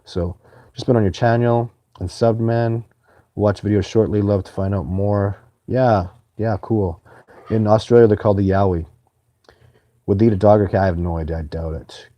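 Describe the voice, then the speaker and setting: A man's voice: fairly low pitch, fairly even intonation, normal speed, dark tone, no room sound. A man hosting a live stream, answering viewer questions in a casual, earnest and rambling way. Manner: earnest, rambling, many restarts.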